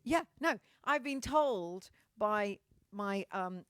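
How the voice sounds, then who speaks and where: A woman's voice: medium pitch, animated, slow, smooth, dry recording. A British woman hosting an online show in a comedic, casual monologue, bawdy and theatrical, swearing freely. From Britain.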